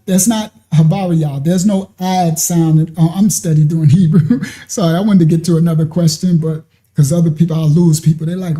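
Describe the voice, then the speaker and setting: A man's voice: a little high, moderate pace, mellow. A man giving a rambling live-streamed religious teaching, often checking that listeners understand. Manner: rambling, keeps asking "you understand?".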